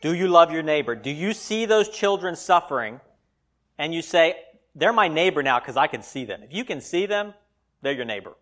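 Fervent preacher, bold and rising. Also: male voice, on the high side, lively intonation, normal speed. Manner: dynamic preaching, swinging from loud emphasis to quiet asides. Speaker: pastor. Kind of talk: sermon.

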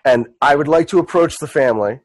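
A man's voice: on the high side, fast talker, dry recording. A man playing a tabletop game, describing his character in a rambling way with many fillers and jokes. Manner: rambling, filler-heavy, joking. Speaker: player. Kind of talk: casual tabletop role-play.

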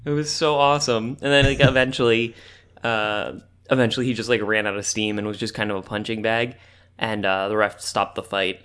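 A man's voice: on the low side, fairly quick, clean tone. A man co-hosting a casual podcast chat, telling a long story with lots of fillers and laughter. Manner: rambling, animated storytelling with frequent fillers and laughs. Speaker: podcast co-host.

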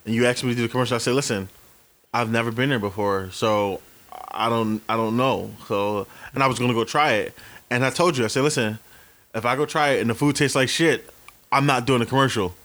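A man in his early forties tells stories in a loose, casual chat. He swears freely and acts out the other people's lines as he goes. His voice sits at a middle pitch. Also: fairly quick. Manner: animated storyteller, swears freely, acts out dialogue. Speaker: podcast co-host.

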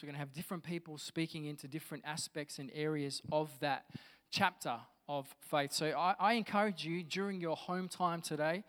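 A man's voice: fairly high pitch, a bit bright, big-room sound. A man pastor giving a conversational, enthusiastic sermon to his church.

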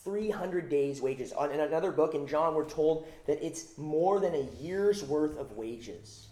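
A man's voice: on the high side, measured pace, a little mellow, echoey room. A man preaching a sermon, emphatic, repeating phrases for stress. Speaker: pastor.

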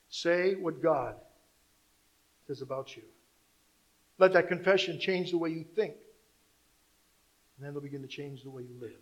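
A man preaching a sermon, reading scripture and calling on the congregation, moving between loud emphasis and soft, low delivery. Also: muffled recording. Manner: reads scripture aloud, calls on the congregation to respond. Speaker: pastor.

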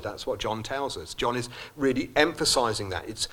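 A man's voice: mid-range voice, moderate pace, few pauses. A man preaching a sermon at a church service, earnest and reflective, sometimes restarting his phrases.

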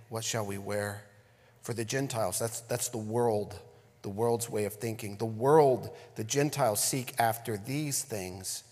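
A man preaching a sermon as a pastor, repeating words for emphasis and swinging between emphatic preaching and hushed near-whispers. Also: mid-range voice. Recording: long hall reverb.

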